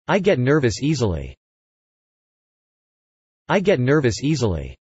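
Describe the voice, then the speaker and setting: Lesson voice, very slow and lively in pitch, husky tone, dry dull recording; speaker repeats each line for learners. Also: dry recording. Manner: each short phrase said several times, carefully paced. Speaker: English listening teacher. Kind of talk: slow, repeated practice phrases.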